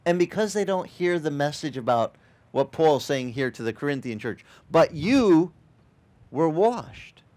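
A man preaching a sermon as pastor, animated and acting out the voices of the people he quotes. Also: a little high, normal speed. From Sicilian family background. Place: outdoor beach service.

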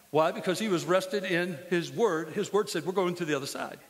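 A man's voice: sits high, moderate pace, long reverb tail. A man preaching a sermon as pastor, impassioned and full of storytelling, in a church sanctuary.

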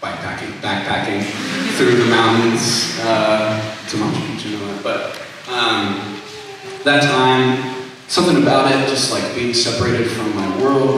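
In an echoey concert hall, a young adult man's lowish voice is picked up from far away against a noisy background. He is giving an offhand, wandering testimony between songs at a student concert, stumbling through fillers and self-corrections.

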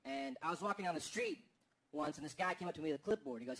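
A man doing a stand-up comedy set on stage, telling stories deadpan and then bursting into loud, exaggerated rants. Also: high voice, quick pace, gravelly, slightly rough. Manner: deadpan storytelling that breaks into loud, exaggerated outbursts. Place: comedy stage before a live audience. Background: audience laughter and applause.

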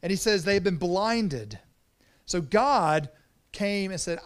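A man's voice: sits high, lively intonation, slow. A man preaching a sermon as pastor, in a conversational way, often repeating words as he restarts.

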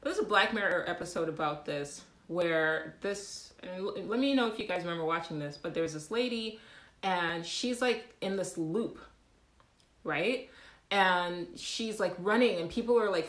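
A woman hosting a casual livestream, talking in an animated way with frequent laughs, fillers and restarts. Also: on the low side, unhurried, reverberant. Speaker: livestream host.

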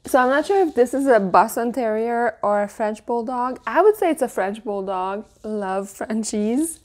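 A Canadian vlogger slowly shows off her haul in casual show-and-tell style, her tone darkish. She gushes throughout and coos in a high baby voice at her dog and at cute mugs.

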